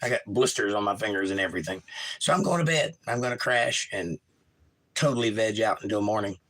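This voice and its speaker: Bright-voiced man reading stream chat. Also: brisk. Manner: reads chat messages aloud and answers them warmly; animated, pitch jumps when reading comments. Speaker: livestream host. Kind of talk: casual chat reading viewer comments aloud.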